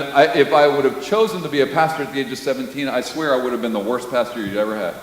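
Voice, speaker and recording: A man preaches from the pulpit, telling stories and now and then breaking into loud bursts. His voice rings through a large church hall with a long reverb tail. A faint hiss sits under the recording. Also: medium pitch. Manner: storytelling, animated, with sudden loud bursts. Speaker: pastor. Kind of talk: sermon. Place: church sanctuary.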